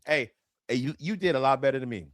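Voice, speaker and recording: A man's voice: medium pitch, fast, no room sound, clean studio sound. A man in his forties hosting a comedy radio show, laid-back and drawling in casual banter. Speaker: radio show host and stand-up comic. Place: radio studio.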